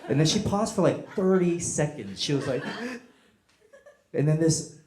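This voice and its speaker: A male stand-up comedian doing a set, animated and acting out quoted voices with loud bursts. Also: a little high, a little slow. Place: comedy stage before a live audience. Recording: echoey hall, audience laughter. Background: audience laughter.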